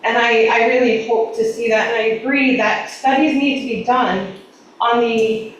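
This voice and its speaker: A woman's voice: on the high side, fairly even intonation, moderate pace, highs cut off. A woman giving public comment as a parent, emotional, earnest and emphatic. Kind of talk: public comment at a school board meeting. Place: large echoey meeting room. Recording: echoey room audio with faint noise, from a distance.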